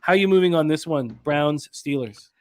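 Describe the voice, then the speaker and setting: Male host of a sports betting show, slightly raised pitch, brisk delivery. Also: a little mellow. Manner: brisk, reads out picks and chat comments. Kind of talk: sports betting radio talk.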